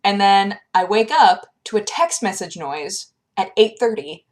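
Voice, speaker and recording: Chatty young woman vlogging casually. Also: measured pace. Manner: chatty and animated, acting out quoted people in a higher voice. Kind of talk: casual vlog chat.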